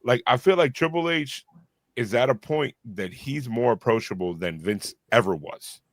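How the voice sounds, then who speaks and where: A man's voice: mid-range voice, expressive, moderate pace, no echo, clean studio sound. Laid-back man in casual podcast chat. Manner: loose, filler-heavy storytelling with lots of "like". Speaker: podcast co-host.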